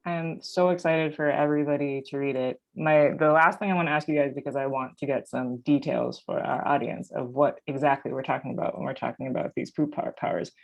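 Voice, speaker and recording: A woman's voice: a bass voice, fairly even intonation, fairly quick, gravelly, hardly any pauses, low-quality recording. A woman moderating a panel discussion, upbeat and bubbly, over a video call. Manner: upbeat, bubbly, easy laugh.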